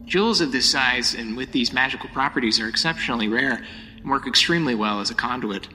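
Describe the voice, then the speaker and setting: Man voicing eerie bright robot villain, hall reverb. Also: mid-range voice, lively intonation, quick pace. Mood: lecturing. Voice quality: cold, eerily polite, lecturing. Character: creepy calm male robot villain leader. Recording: long reverb, faint hiss.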